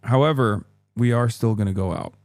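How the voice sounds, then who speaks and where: Male streamer, casual and crude, smooth mid-pitched voice, dry close mic. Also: a little fast, a little mellow, no echo. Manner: profane, chatty, reads chat aloud. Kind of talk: casual live-stream chat.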